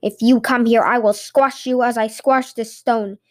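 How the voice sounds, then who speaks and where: A woman voicing a blustering, dim-witted giant man who shouts his questions. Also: high voice, normal speed, voice pushed up, lightly acted. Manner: loud, demanding questions.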